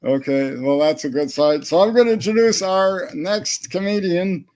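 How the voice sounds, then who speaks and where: A man hosting an online comedy show, chatty and halting, over a video call. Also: sits high, a little mellow. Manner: halting and chatty, with fillers and chuckles.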